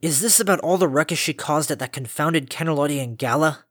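A man's voice: on the high side, fairly quick, fairly bright tone, dry recording, studio quality. Man doing a scratchy, droning old pony farmer. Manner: lethargic, curt, formal. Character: stern old male earth pony farmer.

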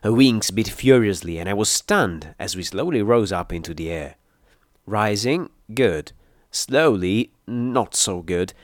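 A man reading an action story aloud in first-person narration, with steady, dramatic storytelling. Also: lowish voice, unhurried, dry recording, clean studio sound. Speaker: audiobook reader.

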